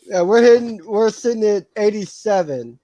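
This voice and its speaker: A man chatting casually on a football watchalong, easygoing and halting, often chuckling. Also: high-pitched, expressive, warm tone, no echo. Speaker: watchalong guest. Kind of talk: casual live chat.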